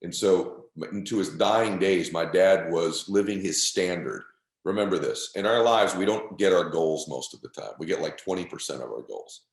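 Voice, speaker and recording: Brief: middle-aged male motivational speaker, low-pitched, emphatic, in an echoey room. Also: lively intonation, moderate pace, creaky. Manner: intense, emphatic, calls listener "bro". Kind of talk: emotional motivational storytelling.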